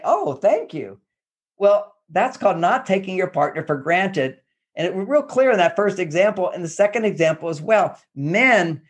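A man giving relationship advice through lively personal anecdotes, acting out what people said. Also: fairly high pitch. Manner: animated storyteller who acts out quotes. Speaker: guest relationship expert.

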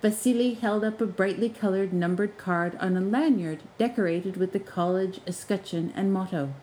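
A woman telling a serialized story with expressive, measured narration. Her voice sits at a middle pitch, shaping each sentence for the listener. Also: slight background noise, low-quality recording.

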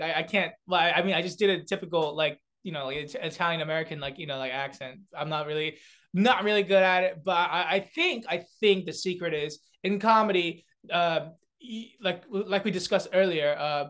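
As a guest in a relaxed interview, a young man from South Korea who does comedy and beatboxing speaks in a high, slightly bright voice. He rambles along with plenty of filler words, restarts and laughs.

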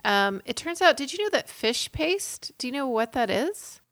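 A woman's voice: high-pitched, sing-song, fairly bright tone, no echo, clean studio sound. A woman co-hosting a comedy podcast, throwing in puns during casual chat. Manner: quick with puns. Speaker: podcast co-host.

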